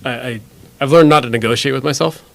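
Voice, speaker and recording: A man speaking as a podcast guest in casual conversation, relaxed and thoughtful with some hesitation. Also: medium pitch, fast, gravelly.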